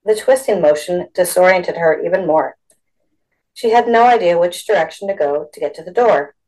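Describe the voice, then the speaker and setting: A woman reading a story aloud in a steady, expressive narration. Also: lowish voice, moderate pace, rough recording.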